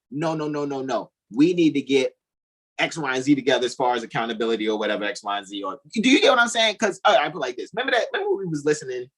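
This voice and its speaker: A man giving a casual astrology talk as co-host over a video call, animated and thinking aloud. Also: medium pitch, rapid-fire.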